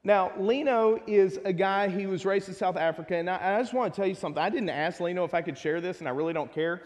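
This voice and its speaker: A man's voice: high-pitched, fast, a little mellow. A man with a Texas accent, preaching a casual sermon as pastor, chatty and joking, with asides to the congregation. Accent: Texan. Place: church sanctuary. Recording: long hall reverb.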